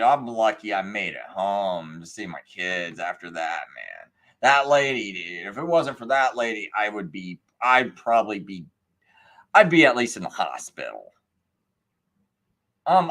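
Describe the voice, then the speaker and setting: Excitable rambling man with a bright voice. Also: medium pitch. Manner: animated, excitable, rambling with many fillers. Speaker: livestream host. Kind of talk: casual storytelling monologue.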